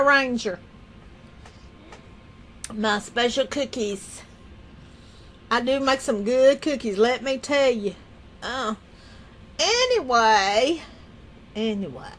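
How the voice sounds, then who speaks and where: A woman's voice: sits high, animated, unhurried, long pauses, fairly bright tone. A woman chatting casually with viewers on a livestream from home, rambling and folksy. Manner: rambling, folksy, laughs often. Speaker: livestream host.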